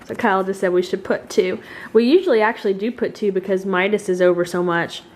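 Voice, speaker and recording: A woman's voice: mid-range voice, fast, a little mellow, a little hiss or hum. A woman vlogger chatting to her camera at home, telling a story in a rambling, emotional, giggly way. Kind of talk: casual chat to camera.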